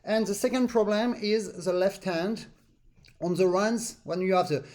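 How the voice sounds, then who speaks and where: A man's voice: sits high, measured pace, darkish tone. A man with a French accent, a non-native English speaker, teaching a live online accordion master class and singing rhythms with syllables.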